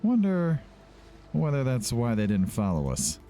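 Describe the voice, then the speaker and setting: A man's voice: medium pitch, wildly swooping pitch, measured pace, warm tone, faint music behind. A man casually hosting a let's-play video, reading the game's text aloud with chatty asides. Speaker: gaming video host.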